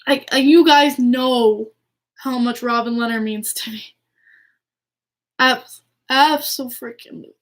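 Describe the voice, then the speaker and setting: In a casual chat to camera, a young woman with a fairly high voice gushes as a hockey fan vlogger, moving at a moderate pace. She gets excitable and trips over fillers and restarts.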